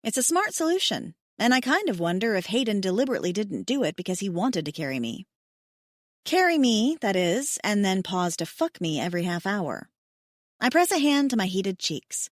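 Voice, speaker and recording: A woman narrating a first-person romance audiobook, expressive, wry and emotional. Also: mid-range voice, normal speed, dry recording, clean studio sound.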